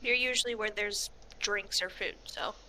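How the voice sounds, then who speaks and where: A woman's voice: mid-range voice, fairly even intonation, normal speed, pushed and bright, a little hiss or hum. A woman chatting bluntly and casually as a player in a tabletop game.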